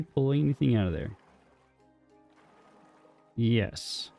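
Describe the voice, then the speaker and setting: Low-ish and gravelly, this man speaks slowly with a darkish tone, faint music playing behind him. He's a gaming streamer commentating on his own play in a relaxed way, musing aloud and cracking jokes at himself and the game as he builds.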